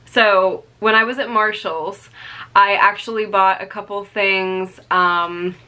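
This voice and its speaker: A woman in her twenties chatting casually to her vlog audience at home, gushing and excitable, with lots of "like" and "um". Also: medium pitch, slow pace, no echo. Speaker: vlogger. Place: at home, indoors.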